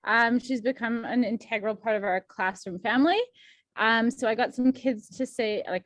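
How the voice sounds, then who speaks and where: A woman's voice: a little high, normal speed, dry recording. A woman teacher on a video call, talking casually with lots of giggles. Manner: giggly, warm. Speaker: classroom teacher.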